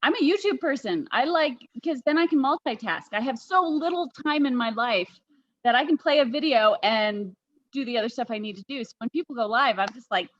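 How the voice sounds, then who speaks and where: A woman hosting a casual livestream chat, talking quickly in asides and laughing often. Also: high-pitched, animated, no room sound. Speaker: livestream host. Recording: dull, dry lo-fi sound.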